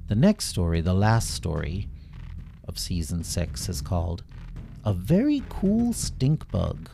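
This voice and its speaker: A man gently narrating a children's story, expressive and reading every part aloud. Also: sits low, slow, vocal fry, slight background noise.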